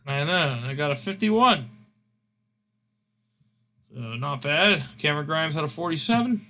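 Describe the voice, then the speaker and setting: A man's voice: on the high side, lively intonation, a little slow, bright, forceful tone, a little hiss or hum. A man hosting a casual game recap, rambling with fillers as he scores each segment. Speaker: host.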